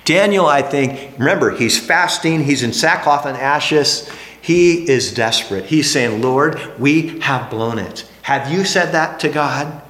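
A man preaching a sermon, emphatic, dropping to hushed lines and then rising to animated exclamations. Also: on the high side, unhurried. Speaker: pastor. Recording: echoey hall.

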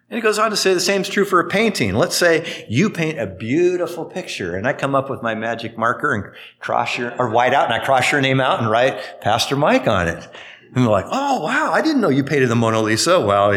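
A middle-aged male pastor giving a sermon, acting out quoted speech in different voices. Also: medium pitch. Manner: animated, acts out quotes in voices.

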